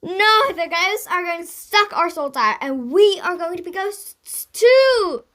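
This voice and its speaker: A woman's voice: very high voice, measured pace, fairly bright tone, pitched above the performer's own voice, full character voice. A woman playing Jane, a shrieking schoolgirl. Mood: panicked. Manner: shrieking, melodramatic. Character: panicky dramatic schoolgirl Jane.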